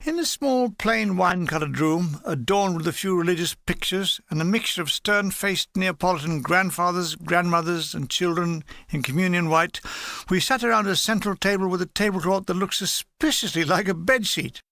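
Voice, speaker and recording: A man's voice: sits high, moderate pace, creaky, pushed and bright, no echo. A man reading a humorous war memoir aloud in a dry, playful storytelling manner. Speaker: audiobook reader.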